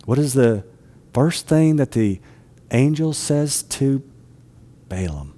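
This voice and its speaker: A man's voice: mid-range voice, expressive, slow pace, pauses often, warm tone, in a large hall. Man preaching a conversational sermon. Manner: conversational, asks the listeners rhetorical questions.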